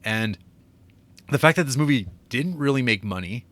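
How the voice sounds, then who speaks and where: A man's voice: medium pitch, lively intonation, normal speed, a bit bright. A man co-hosting a film podcast, chatting casually in a rambling way with lots of fillers. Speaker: podcast co-host. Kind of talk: casual film review chat.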